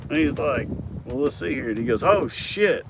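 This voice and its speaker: A middle-aged farm worker with a mid-range voice tells a long, profane story in a loose, rambling, casual way, speaking briskly and chuckling as he goes. He's outdoors at a work site, and the recording picks up traffic, vehicle and other outdoor noise.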